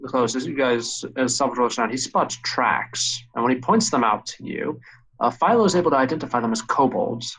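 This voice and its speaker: A man at a middle pitch narrates a tabletop game as its game master. He sets each scene with careful, halting description and pauses to find his words. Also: fairly bright tone, slightly rough, rough recording. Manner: hesitant, descriptive scene-setting.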